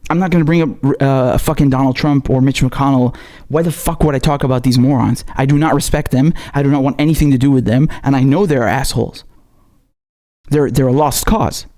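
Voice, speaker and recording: A man speaking at medium pitch with fairly even intonation and a warm tone hosts a political commentary show, delivering a heated, profane, rapid-fire rant.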